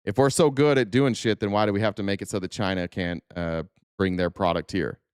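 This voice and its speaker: A man's voice: lowish voice, fairly even intonation, brisk, clean tone, no echo, clean studio sound. A young man hosting a political commentary show, speaking sarcastically and swearing often. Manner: sarcastic, profane, laughs often. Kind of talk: casual reaction commentary.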